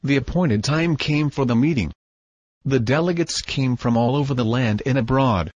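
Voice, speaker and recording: A man narrating a book in a measured, formal reading voice. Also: mid-range voice, no echo, dull audio. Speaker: audiobook narrator. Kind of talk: scripted narration.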